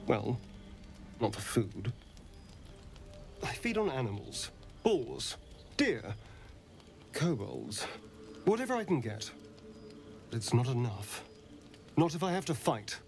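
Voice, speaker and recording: A sly male vampire in a game, silky, lively pitch, slow, soft music under. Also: creaky, full character voice. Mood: pleading. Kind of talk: video game voice acting. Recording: game audio with faint music.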